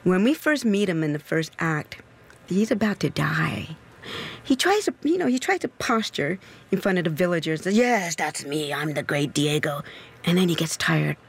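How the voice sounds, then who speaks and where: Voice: mid-range voice, creaky, slightly rough. Enthusiastic composer being interviewed. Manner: enthusiastic, expressive, speeds up and slows down. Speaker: opera composer. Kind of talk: interview answers.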